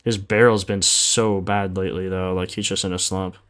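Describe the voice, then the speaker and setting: Sleepy laid-back man with a low voice. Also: normal speed, a bit bright. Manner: laid-back, slangy, reads stats aloud and answers chat. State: sleepy, just woke up. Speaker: sports betting livestream host. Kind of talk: casual livestream chat.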